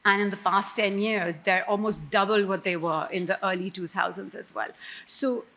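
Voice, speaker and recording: A woman's voice: medium pitch, a bit bright. A woman, an economist speaking on a conference panel in a conversational storytelling manner. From Pakistan. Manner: conversational, self-deprecating storyteller. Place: conference stage before an audience.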